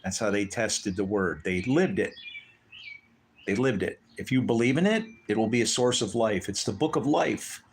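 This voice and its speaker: A man's voice: lowish voice, animated, moderate pace, a little hiss or hum. A man livestreaming, ranting in a heated, preachy way with lots of profanity. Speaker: livestream host. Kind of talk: livestream rant.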